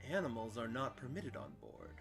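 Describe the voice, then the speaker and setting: A man's voice: mid-range voice, huge pitch swings, normal speed, vocal fry. A brash, doting circus woman, put on by a man, dropping her articles and hammering each word. Game music plays under the voice. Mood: defensive. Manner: broken English, dropping articles, loud and emphatic. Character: bold Russian circus woman, doting snake owner.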